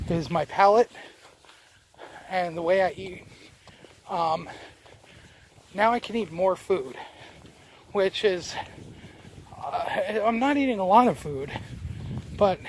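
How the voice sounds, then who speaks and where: A man's voice: high-pitched, a little hiss or hum. A man from New Jersey talking to his camera as he walks outdoors, rambling with many fillers and restarts. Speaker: vlogger. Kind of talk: walking vlog talking to camera. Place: outdoors on a walk. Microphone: handheld camera while walking.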